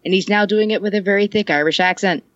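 A woman chatting casually on her podcast, telling stories with a self-deprecating humor. Her voice is mid-pitched, and the recording sounds dry and slightly dull. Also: fast, no room sound. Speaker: podcast host. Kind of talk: casual chat.

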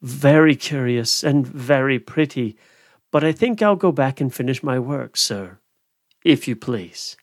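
A man's voice: mid-range voice, expressive, measured pace, dry recording, studio quality. A man voicing a frightened male gravedigger who stammers in a storybook reading. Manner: stammering, fearful.

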